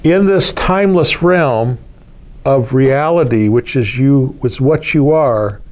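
A man's voice: mid-range voice, slow pace. A man, a spiritual teacher talking casually to a small group, repeating key phrases and asking his listeners questions. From United States. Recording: slightly dull lo-fi recording.

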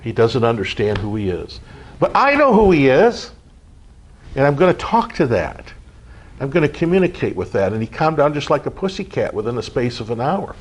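Middle-aged man, husky voice, earnest informal preacher who keeps checking in with the group. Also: mid-range voice, big pitch swings, normal speed. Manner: earnest, repetitive, frequent "okay?" check-ins. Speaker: spiritual group leader. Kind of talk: informal spiritual teaching.

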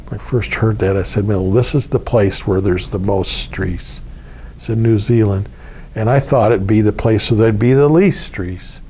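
Here a US spiritual teacher with a fairly low, mellow voice speaks casually to a small gathering, repeating key phrases and asking questions. There's slight background noise, and the lo-fi recording is a bit dull.

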